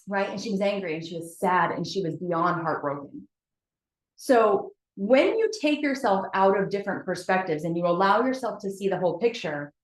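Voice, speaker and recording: A woman giving a candid, chatty motivational talk to a live audience, speaking straight to her viewers. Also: medium pitch. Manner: candid, chatty, addresses viewers as "you guys". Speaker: host of a weekly motivational live video. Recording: roomy echo.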